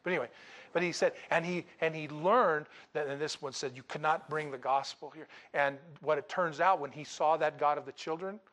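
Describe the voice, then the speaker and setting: Dramatic male preacher, loud then hushed. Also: fairly high pitch, fairly quick. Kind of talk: sermon with personal story.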